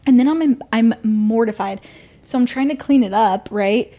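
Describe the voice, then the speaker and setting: A woman's voice: on the high side, moderate pace, warm tone. A young woman co-hosting a podcast, telling a school story in casual chat with lots of laughs. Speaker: podcast co-host.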